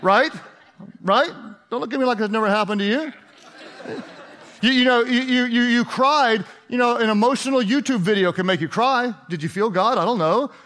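A man's voice: extremely high pitch, normal speed, fairly bright tone, a faint crowd. A man preaching a sermon to his congregation in a conversational, playfully sarcastic way, asking them questions. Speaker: pastor.

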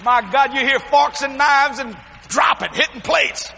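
Male preacher, bright forceful delivery, folksy storytelling with shouted bursts, long hall echo. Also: very high-pitched, measured pace, vocal fry. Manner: animated storytelling with shouted exclamations; folksy, informal grammar. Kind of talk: testimony sermon.

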